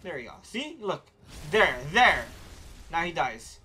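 A woman streaming a game, chatting casually with viewers in an animated way, quick to get frustrated. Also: a little hiss or hum. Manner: voice jumps high when excited.

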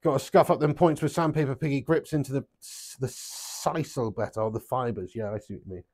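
A man's voice: mid-range voice, a little fast. A man chatting to viewers during a live darts stream, swearing often and bursting out at his throws. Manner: swears a lot, excitable outbursts, chats to viewers. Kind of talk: live stream chat while playing darts.

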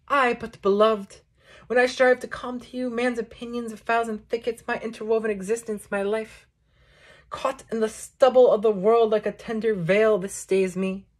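A woman reading a collection of poems aloud in a slow, measured recitation. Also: on the high side. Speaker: poetry reader. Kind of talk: poetry audiobook reading.

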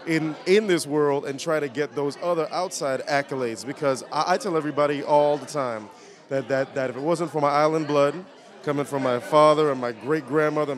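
Animated man at an outdoor event. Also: a little high. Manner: animated, repeats words, tells stories. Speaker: award honoree. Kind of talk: red carpet interview.

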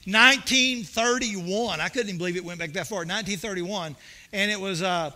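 A man preaching in a church with a high, ringing, forceful voice. He tells homespun stories and swells into emphatic, repeated questions. The delivery moves between soft, conversational asides and bursts of preaching. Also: fairly quick. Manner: folksy, storytelling preacher with rising emphatic bursts. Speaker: pastor. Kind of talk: sermon. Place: church sanctuary.

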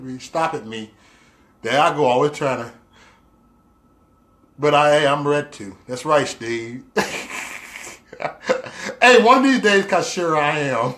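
A livestream host, a man whose voice is a little high and a bit bright, reads viewer comments in a casual chat. He sounds animated but speaks a little slowly, pausing often, while teasing playfully, laughing, and using loose slang fillers.

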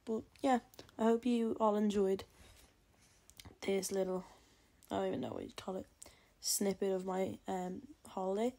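Young woman, gravelly voice, mellow tone, rambling vlog chat. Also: medium pitch, moderate pace. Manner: chatty, rambling. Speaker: vlogger. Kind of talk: casual vlog wrap-up.

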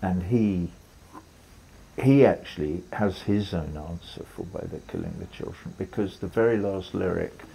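A man's voice: low voice, unhurried, gravelly, dark tone, breathy edge, rough recording. An older man, telling a long story as an interview guest, rambling with restarts and quoted lines. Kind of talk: relaxed storytelling conversation.

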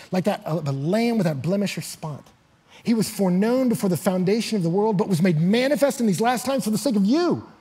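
Husky, high-voiced preaching man. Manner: animated, storytelling preacher who often laughs. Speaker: pastor. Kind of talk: sermon.

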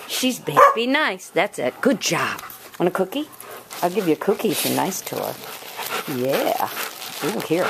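A woman's voice: mid-range voice, very animated, normal speed, heavy background noise. A woman talking to her dogs at home, alternately scolding and praising them in pet talk. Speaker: dog owner. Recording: loud dogs barking behind. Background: dogs barking.

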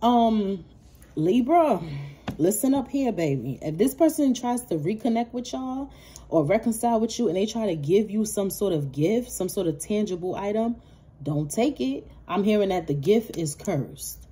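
A woman's voice: mid-range voice, moderate pace, husky. A woman doing a casual tarot reading for her viewers, cursing freely, laughing often and calling them baby. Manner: profane, animated, laughs often, calls viewers baby and child. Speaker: tarot reader.

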